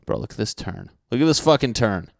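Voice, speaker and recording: A young man reacting to a dating show clip in crude, excitable commentary, often swearing and acting out what people are thinking. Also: fairly low pitch, a little fast, creaky, no room sound, studio quality. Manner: excitable, swearing, mock-narrating others' thoughts.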